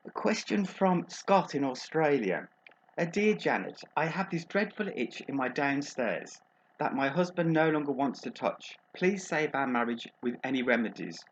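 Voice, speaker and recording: A gossipy middle-aged Brummie agony aunt, as a man puts her on, chatting to her audience in a comic advice show. Her voice sits at an ordinary middle pitch and comes through a dull, lo-fi recording. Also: big pitch swings, moderate pace, a little hiss or hum, close to an everyday voice. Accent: Birmingham. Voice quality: gossipy, innuendo-laden, calls people darling.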